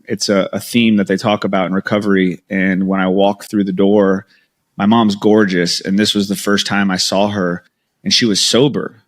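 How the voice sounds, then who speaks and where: A man in his thirties with a lowish voice tells his story as an interview guest. He speaks candidly and with feeling, acting out the lines of the people in his past. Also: flat delivery, moderate pace. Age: 30s. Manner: candid, emotional retelling with quoted dialogue. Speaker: podcast guest, entrepreneur.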